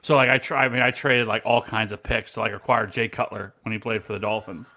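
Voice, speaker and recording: A man co-hosting a fantasy sports podcast, talking casually with lots of swearing and animated storytelling. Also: fairly low pitch, quick pace. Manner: animated and profane, swears freely. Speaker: podcast co-host.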